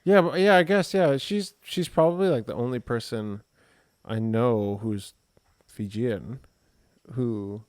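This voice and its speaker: A man's voice: medium pitch, takes it slowly, a little mellow, no room sound. Teasing man with dry jokes. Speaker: podcast co-host. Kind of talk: casual chat.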